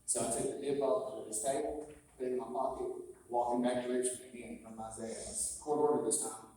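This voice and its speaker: A man's voice: mid-range voice, fairly even intonation, a little fast, mellow. A young man sharing his personal recovery story in a casual, rambling way, full of "like" and acted-out quotes. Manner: acts out quoted exchanges. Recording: echoey room, mic far off, ambient noise.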